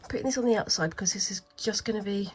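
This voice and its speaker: A woman chatting casually while sewing for a craft vlog, thinking aloud with many pauses and fillers, sometimes dropping into a soft half-whisper. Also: mid-range voice. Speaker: craft vlogger. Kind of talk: casual craft tutorial chat.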